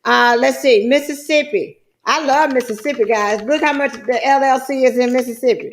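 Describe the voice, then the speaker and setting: A woman's voice: high voice, normal speed. A middle-aged woman, walking viewers through online business forms in a folksy, chatty way. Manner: folksy, chatty, calls viewers guys and child. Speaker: trucking business coach. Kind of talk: screen-share tutorial.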